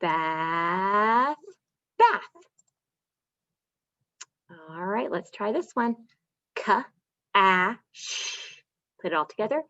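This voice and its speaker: A woman teaching an online first-grade phonics lesson, stretching out letter sounds slowly and praising in a sing-song way. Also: fairly high pitch, sing-song, dry recording. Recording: dull, dry lo-fi sound.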